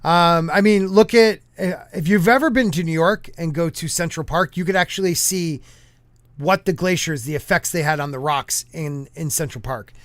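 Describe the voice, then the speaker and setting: Male podcast host, higher voice, rambling and halting, dry close sound. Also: dry recording. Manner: rambling, halting, many fillers and restarts. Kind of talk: casual podcast chat.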